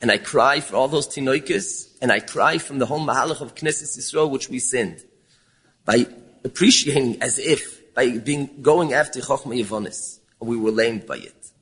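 A man giving a sermon, mixing English with Hebrew and Yiddish terms, dropping low and then rising into pleading calls. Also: moderate pace, fairly bright tone, slightly rough. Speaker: rabbi giving a talk. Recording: long hall reverb.

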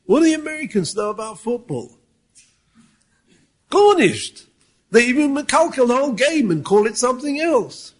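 A man's voice: extremely high pitch, expressive, fast, few pauses, slightly rough. A man with a Yeshivish accent giving a Torah talk, full of rhetorical questions, quoting Hebrew sources and at times raising his voice to stress a point. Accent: Yeshivish English with Yiddish and Hebrew words. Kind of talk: Yiddish-laced Torah talk.

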